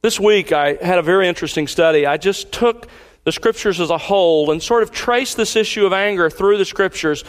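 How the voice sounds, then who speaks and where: A man with a high voice delivers a sermon in a measured preaching manner. He slows down to read quotations and puts direct questions to his listeners. He sounds middle-aged. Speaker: pastor.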